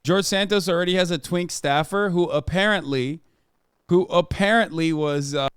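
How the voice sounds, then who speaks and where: A man's voice: on the high side, moderate pace, a bit bright, clear, resonant tone, no echo, studio quality. A man streaming and reacting to news clips in casual, sarcastic, profane commentary. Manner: joking, sarcastic, swears a lot.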